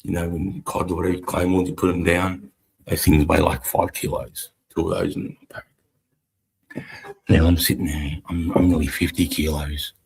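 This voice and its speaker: A man's voice: deep voice, flat delivery, normal speed, creaky, a little mellow, slightly rough. A man in his forties with an Australian accent, an army veteran telling blunt, profane war stories in casual rambling talk. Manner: blunt, swears constantly, rambling storyteller. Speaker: army veteran and stream co-host.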